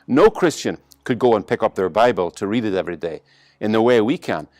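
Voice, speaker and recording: A man with an Irish accent preaching a sermon as pastor, pressing hard on some phrases and dropping to a soft, slow hush on others. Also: fairly low pitch, lively intonation, dry recording, clean studio sound. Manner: varies emphasis and pace, slows to a soft hush on key lines.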